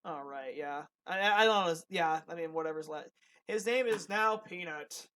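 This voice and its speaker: A man's voice: on the high side, normal speed, pushed and bright, clear, resonant tone. A young man co-hosting a podcast in casual chat, rambling with many restarts and fillers. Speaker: podcast co-host.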